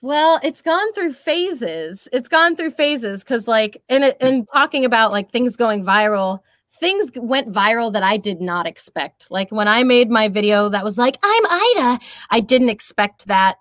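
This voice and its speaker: A bubbly young woman voice actress chatting loosely in an interview and rambling through her fillers. Her voice sits fairly high. The sound is close and dry, with no room around it. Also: animated, a little slow, a bit bright, no room sound. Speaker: voice actress and social media creator. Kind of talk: casual interview chat.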